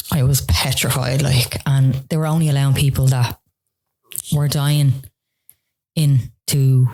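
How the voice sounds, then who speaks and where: Telling her personal story on a podcast as a guest, an Irish woman with a warm bass voice speaks with emotion and hesitation, leaning heavily on fillers like "like" and "you know."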